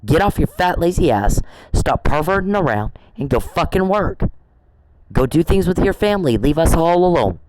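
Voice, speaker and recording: A woman's voice: deep voice, lively intonation, normal speed, a little mellow, no room sound, poor audio. A woman hosting her own channel, delivering an angry, profane, accusatory rant straight at the person she blames, hammering the same insults again and again. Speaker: channel host. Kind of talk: angry direct-address rant.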